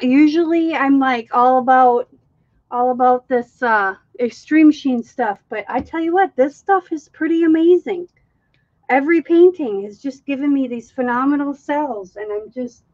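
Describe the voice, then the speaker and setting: Chatty high-voiced Minnesotan woman. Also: no echo, muffled recording. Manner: chatty, excitable, says dude and y'all often. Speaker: art live streamer. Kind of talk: casual live stream chat.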